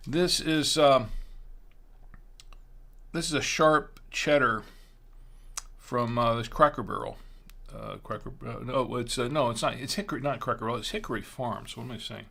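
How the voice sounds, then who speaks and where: A middle-aged man hosting a wine tasting show, chatting casually and haltingly, sometimes talking while chewing. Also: mid-range voice, gravelly, bright, forceful tone.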